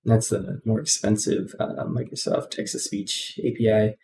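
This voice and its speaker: A man's voice: lowish voice, animated, a little slow, gravelly, darkish tone, a little hiss or hum. A man hosting a casual coding tutorial, rambling with many ums and self-corrections.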